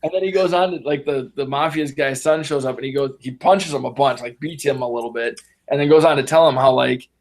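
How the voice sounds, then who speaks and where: A man's voice: mid-range voice, brisk, few pauses. A man in casual podcast chat, animatedly retelling movie scenes and acting out the characters in voices. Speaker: podcast co-host.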